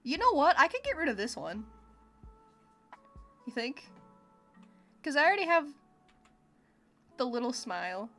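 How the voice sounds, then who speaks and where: Giggly, expressive woman streamer, lively pitch. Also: measured pace, pauses often. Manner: giggly and expressive, laughs often, playful complaining. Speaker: livestreamer playing a video game. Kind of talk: casual gameplay chat with viewers. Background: faint game music.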